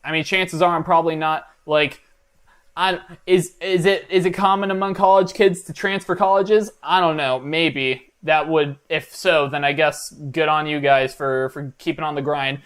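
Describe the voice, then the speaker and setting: A man's voice: fairly high pitch, steady tone, normal speed, a bit bright, clear, resonant tone. A young man, a college student, rambling through a comedic reaction commentary with lots of fillers and restarts in a mock-earnest way. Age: young adult. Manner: mock-earnest, self-deprecating. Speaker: reaction video host.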